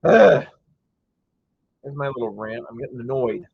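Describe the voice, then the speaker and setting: Husky-voiced man ranting on a stream. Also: mid-range voice, lively intonation, normal speed, dull audio. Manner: chatty, reads viewer comments aloud, rants in bursts. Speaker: livestream host. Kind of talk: casual live game-watch commentary.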